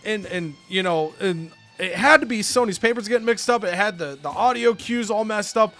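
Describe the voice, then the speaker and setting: A man's voice: sits high, normal speed, faint music behind. A man casually narrating a wrestling management game playthrough, slipping into exaggerated voices for the wrestlers. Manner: animated, acts out wrestlers' lines in exaggerated voices.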